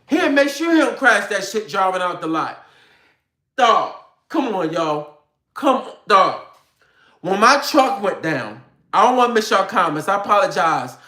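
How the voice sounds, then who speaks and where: A man ranting to his viewers in a profane, slangy way, speaking straight at them as an online commentator. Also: high voice. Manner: animated, profane, slangy, addresses viewers directly. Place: home room with a computer. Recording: roomy echo.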